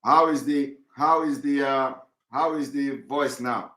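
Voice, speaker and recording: A man broadcasting live online, talking insistently with halting restarts and a voice that is cracking. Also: mid-range voice, steady tone, bright, forceful tone, echoey room.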